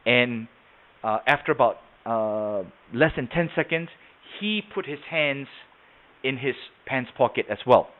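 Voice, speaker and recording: A man with a medium-pitched voice speaks at a measured pace while running a live sales training webinar over a video call. He keeps it conversational, quizzing the class and repeating words, and the audio sounds tinny, like a phone.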